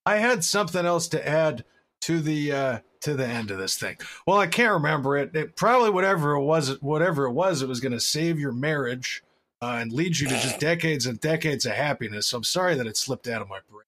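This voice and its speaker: A man's voice: on the high side, animated, fairly quick, a bit bright. A man co-hosting a podcast in casual comedic chat, rambling and crude, often losing his train of thought. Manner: rambling, crude and jokey, trails off. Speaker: podcast co-host.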